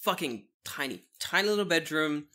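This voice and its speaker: A man co-hosting a podcast in casual chat, animated and profane, laughing often, recorded on a table mic in a living room. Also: fairly high pitch, moderate pace. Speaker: podcast co-host. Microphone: studio mic at a table.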